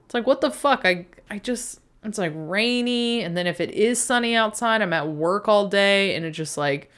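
A woman's voice: mid-range voice, normal speed, a bit bright. A young adult woman in a rambling, self-mocking casual monologue who swears often.

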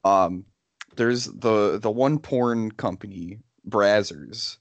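A man's voice: on the low side, slow, dry recording. A young man in a casual podcast chat, laid-back and slangy.

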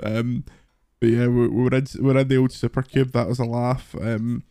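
A man's voice: mid-range voice, level tone, normal speed, mellow, dry recording. Guy on a podcast, dry jokes, lots of swearing, mid voice, dry close sound. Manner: dry joking, swears while telling stories. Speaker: podcast co-host. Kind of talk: casual chat.

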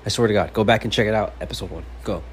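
A man's voice: lowish voice, very fast. A man hosting his own sports fan podcast, delivering a profane, fired-up monologue. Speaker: podcast host. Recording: faint background noise.

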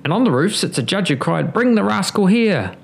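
Terrified robber, high, loud and breathless, performed by a male storyteller. Gravelly edge. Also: sing-song, brisk, a little hiss or hum, full character voice.

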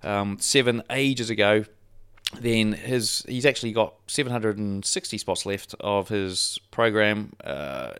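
A man's voice: fairly low pitch, a little slow, fairly bright tone, smooth, no room sound, studio quality. Chatty man with a mild Kiwi accent. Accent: mild New Zealand. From New Zealand. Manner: chatty, rambling with many fillers and restarts. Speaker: podcast host. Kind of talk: casual podcast interview.

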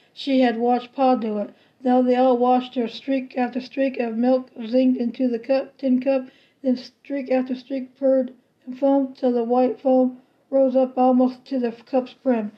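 Woman narrator for a children's novel read-aloud; high, level, unhurried, slightly dull lo-fi sound. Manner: steady, plain read with small restarts. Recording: slightly muffled lo-fi recording.

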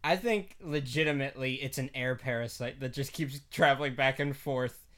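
A man's voice: mid-range voice, normal speed, fairly bright tone. A young man co-hosting a podcast, chatting casually and laughing often as he reads listener questions. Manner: playful, laughs often, jokey. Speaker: podcast co-host.

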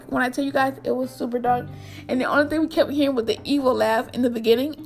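A young woman casually telling a storytime to her viewers, animated and repetitive, acting out the people in it. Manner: animated, repeats herself, acts out quotes in squeaky voice. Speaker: storyteller vlogger.

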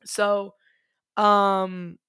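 A woman's voice: mid-range voice, level tone, drawn-out words, a bit bright, smooth, no room sound, studio quality. A young woman hosting her own podcast, telling a personal story in a chatty, dramatic way full of fillers. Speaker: podcast host. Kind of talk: casual storytelling monologue.

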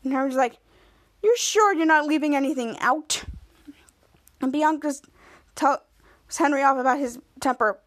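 A woman's voice: sits high, moderate pace, long pauses, a bit bright. A woman podcast host casually recapping a TV episode, retelling each scene and raising her voice for the quoted lines.

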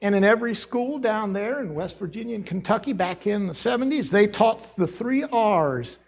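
Animated, husky-voiced Midwest preacher. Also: male voice, high-pitched, normal speed. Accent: American Midwest. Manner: animated storytelling, acting out voices and accents. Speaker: pastor. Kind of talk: sermon. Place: church sanctuary.

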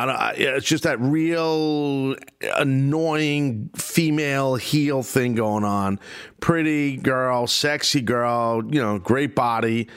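A man's voice: mid-range voice, clean tone. A man hosting a podcast, giving casual, opinionated commentary that rambles and drifts off on tangents. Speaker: podcast host.

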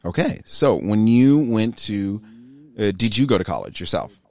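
A young man with a low voice talks frankly as an interview guest, his thoughts winding along with plenty of fillers. The sound is close and dry, with no room around it. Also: animated, moderate pace, darkish tone, no room sound. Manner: candid, rambling with many fillers. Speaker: guest, climbing business owner. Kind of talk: casual interview conversation.

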